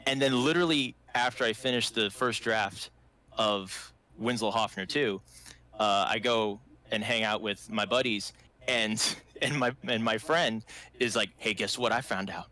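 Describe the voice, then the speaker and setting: A man's voice: lowish voice, measured pace, pushed and bright. A man hosting a casual livestream chat about writing, rambling, with frequent laughs and restarts. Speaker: host, fiction author.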